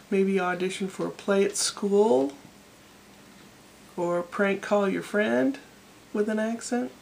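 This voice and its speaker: A woman's voice: medium pitch, vocal fry, a little mellow, a little hiss or hum. Chatty, rambling middle-aged woman vlogger. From United States. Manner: chatty and digressive, with self-deprecating asides. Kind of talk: casual rambling vlog monologue. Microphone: camera microphone.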